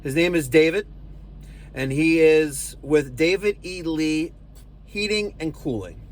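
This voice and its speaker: A man's voice: a little high, slow. A man hosting an HVAC job-site vlog, talking in a salesy, infomercial-style patter about the system he just installed. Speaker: HVAC contractor and show host. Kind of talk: casual on-the-job vlog talk.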